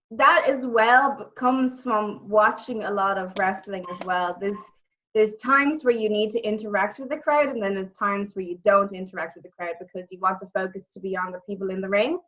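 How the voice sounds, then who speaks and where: A young woman with a Dublin Irish accent, a guest telling lively stories in a casual interview. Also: medium pitch, normal speed. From Ireland. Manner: animated storytelling, repeats words, acts out quotes. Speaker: interview guest, former wrestler and actress. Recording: muffled lo-fi audio.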